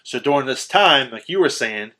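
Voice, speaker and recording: Bright-voiced man, loose and profane. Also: mid-range voice, normal speed. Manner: animated, profane, acts out quotes loudly. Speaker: podcast co-host. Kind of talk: casual film discussion.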